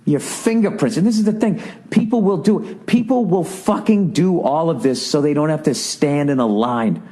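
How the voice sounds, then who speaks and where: A man's voice: a little high, moderate pace, warm tone. A man hosting a podcast, delivering a profane, sarcastic comedic rant with exasperated energy. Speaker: podcast host. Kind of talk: ranting comedic monologue.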